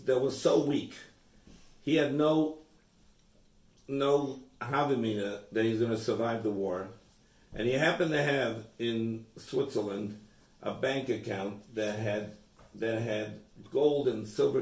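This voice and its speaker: A man teaching an informal Torah class in a home, halting and repeating himself, with Hebrew terms mixed in. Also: medium pitch, a little mellow. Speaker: rabbi giving a Torah class. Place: room in a private home. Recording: echoey room, distant mic, faint noise.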